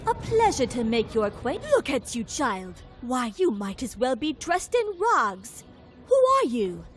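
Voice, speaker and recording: A woman voicing a fussy, disdainful high-society lady in a video game, scolding in an affected manner.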